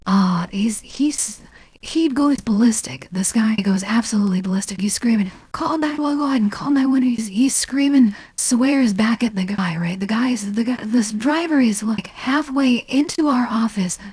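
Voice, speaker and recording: A woman with a somewhat high, mellow and very breathy voice tells a long story in casual stream chat. She rambles, with lots of fillers and restarts, and swears freely. The sound is dry and close, with no room around it. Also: a little slow, dry recording.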